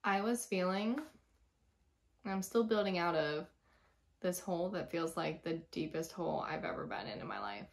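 A woman in her thirties, a former teacher, talking candidly and chattily in a personal vlog, telling stories frankly and with feeling. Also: medium pitch. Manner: frank and emotional.

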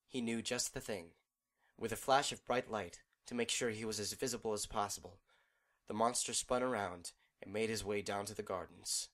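A man narrating a fan fiction audiobook in a steady, measured storytelling manner. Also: lowish voice.

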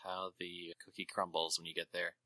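A man's voice: sits low, completely flat delivery, normal speed, pushed and bright. A man running a tabletop game as game master, answering the players in a laid-back way.

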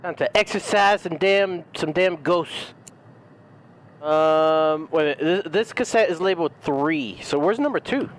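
A male gaming streamer doing casual game commentary, brash and profane, with quick reactions. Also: a little high.

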